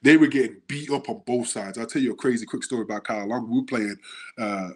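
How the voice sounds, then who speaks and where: A man from the UK, a guest on the show, telling animated stories in casual chat and acting out the quotes. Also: medium pitch, quick pace. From United Kingdom. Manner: animated storyteller, acts out quotes.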